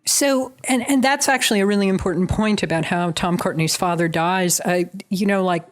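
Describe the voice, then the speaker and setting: A woman guest telling animated anecdotes in casual conversation. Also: medium pitch, moderate pace. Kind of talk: casual storytelling.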